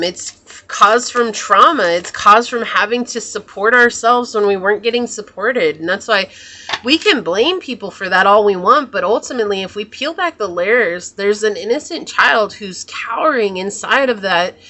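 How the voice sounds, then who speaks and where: A woman giving a pick-a-card tarot reading in a musing, soft-spoken way, often trailing off and correcting herself. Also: mid-range voice, a little hiss or hum. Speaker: tarot reader.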